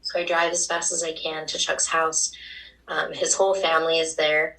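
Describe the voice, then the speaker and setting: A young adult woman, a guest on a talk show, telling an emotional personal story at a quick pace. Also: deep voice, little pitch movement, gravelly, pushed and bright, far from the mic, poor audio.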